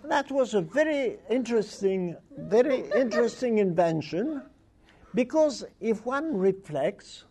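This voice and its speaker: High-voiced guy giving a lecture, slow and halting, keeps hunting for words. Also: big pitch swings, mellow. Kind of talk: academic lecture.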